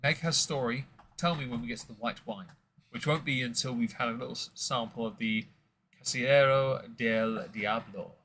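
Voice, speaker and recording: A man's voice: medium pitch, brisk, bright, forceful tone, a little hiss or hum, rough recording. A man hosting a casual whisky tasting stream, rambling and joking with many fillers.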